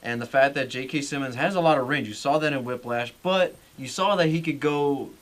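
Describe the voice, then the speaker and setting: A man's voice: medium pitch, a little fast. A man co-hosting a movie podcast in casual chat, giving blunt opinions. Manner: blunt opinions, frequent "I'm like". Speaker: podcast co-host.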